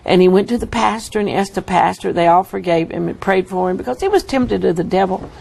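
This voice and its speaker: Gravelly woman telling a vivid testimony. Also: mid-range voice, brisk, a little mellow. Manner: earnest, vivid storytelling. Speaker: guest. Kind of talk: testimony interview.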